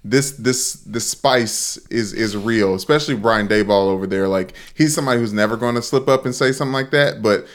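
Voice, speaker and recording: Male sports podcast co-host, low voice, dry deadpan wit. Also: fairly quick, hardly any pauses. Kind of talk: casual sports chat.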